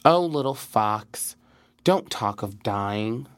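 A man voicing a soft-hearted young princess who speaks in a weepy, pleading way. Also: fairly low pitch, expressive, slow pace, no room sound.

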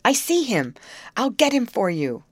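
A woman voicing a ragged, nervous teenage boy shouting quickly from a boat in a storybook reading. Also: fairly high pitch, sing-song, husky, dry recording, pitched above the performer's own voice, exaggerated voice.

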